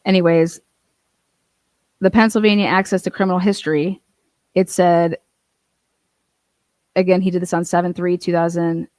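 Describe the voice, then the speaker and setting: A woman's voice: fairly low pitch, little pitch movement, normal speed, pauses often, a little mellow, no echo. A woman hosting a casual commentary stream, talking emphatically and indignantly with many asides and fillers into a computer mic. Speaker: true-crime advocate host.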